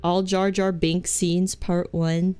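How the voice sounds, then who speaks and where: A woman's voice: fairly low pitch, level tone, takes it slowly, mellow, clear, resonant tone, soft background music. A young woman streaming a game, chatting in a rambling, goofy, self-mocking way with many restarts. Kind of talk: live game stream chat.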